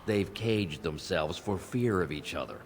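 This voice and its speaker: An actor playing a blunt, weary dwarf guard captain. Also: male voice, deep voice, expressive, unhurried, long reverb tail, a little hiss or hum. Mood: gruff. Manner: blunt, weary, plain-spoken.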